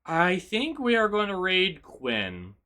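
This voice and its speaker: A male streamer chats casually with his viewers, chaotic and energetic. His voice sits high and sounds bright and sharp. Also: takes it slowly.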